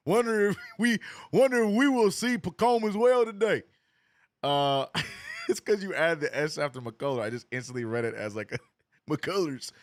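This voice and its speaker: A man streaming a live watch-along, doing casual play-by-play and answering chat, jumping up in pitch on big plays and slang-heavy in between. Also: dry recording, clean studio sound. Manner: excitable, rises sharply on big plays, drops low reading chat; casual slangy talk, says bro and man.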